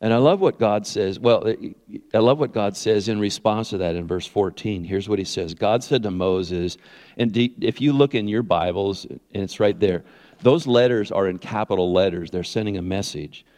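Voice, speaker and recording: A man preaching a sermon as a pastor, in an animated, conversational way with frequent restarts. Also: on the low side, moderate pace, big-room sound.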